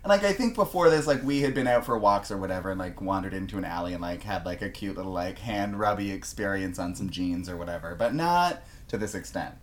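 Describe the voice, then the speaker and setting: A man co-hosting a podcast, telling a story in casual chat, animated and laughing a lot as he talks. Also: low voice, quick pace, hardly any pauses. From Canada. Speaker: podcast co-host.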